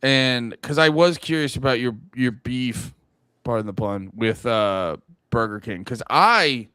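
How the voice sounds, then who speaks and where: A man's voice: medium pitch, lively intonation, measured pace, sharp tone, clean tone, no echo. A young man co-hosting a podcast, chatting loosely, swearing and restarting his sentences. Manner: loose, profane, rambling with restarts. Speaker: podcast co-host. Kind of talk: casual chat.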